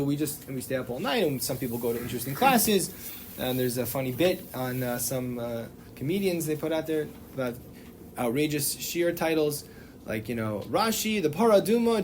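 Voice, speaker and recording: A man's voice: on the high side, a little hiss or hum. A man, a rabbi, teaching a class in an informal, digressive way, with many fillers and restarts. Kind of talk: informal lecture.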